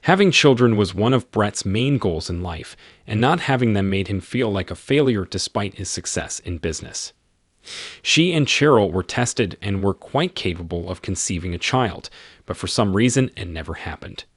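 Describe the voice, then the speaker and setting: Low, husky male narrator. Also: dry recording, studio quality. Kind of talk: scripted story narration.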